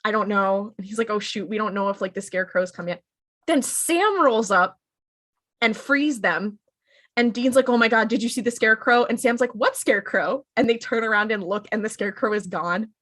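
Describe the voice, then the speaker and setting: A woman's voice: mid-range voice, fairly bright tone. Chatty woman recapping an episode. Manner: chatty, acts out characters in quick paraphrase. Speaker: podcast co-host.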